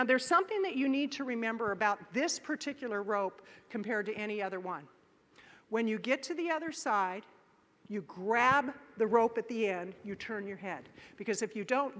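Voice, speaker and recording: A woman delivers a motivational keynote, acting out voices and shouting as she tells her story. Her voice sits a little high and sounds bright and forceful. The sound carries the long echo of a big conference hall. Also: a little fast. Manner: animated, acts out voices and shouts in her stories. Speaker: keynote speaker.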